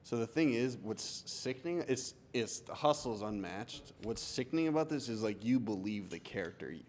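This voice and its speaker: A man's voice: on the low side, expressive, moderate pace, darkish tone, slight background noise. A man hosting a casual podcast chat, cutting in with jokes and swearing. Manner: swearing, joking interjections. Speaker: podcast host.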